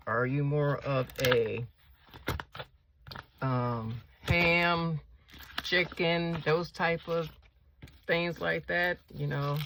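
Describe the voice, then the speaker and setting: Slow, gravelly-voiced woman chatting while crafting. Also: deep voice, slight background noise. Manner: chatty, asks viewers questions; rambling, slow and relaxed. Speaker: planner vlogger. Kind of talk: casual chat while decorating a planner.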